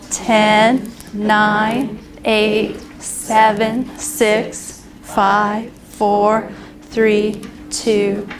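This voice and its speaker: Slow-talking woman teacher leading counting. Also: on the high side, a little hiss or hum. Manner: leads group counting aloud with hand signals. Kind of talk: classroom lesson demonstration. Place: classroom or training room.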